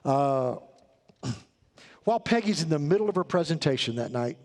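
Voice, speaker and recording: A man's voice: a little high, expressive, moderate pace, darkish tone. A man preaching a sermon as a pastor in church, telling a story earnestly and building to emphatic peaks. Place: church sanctuary.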